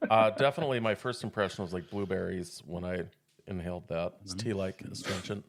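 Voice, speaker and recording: Gravelly laid-back man. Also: sits low, steady tone, brisk. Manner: laid-back, mumbles asides, clears throat. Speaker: podcast co-host. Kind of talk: casual chat, coffee tasting.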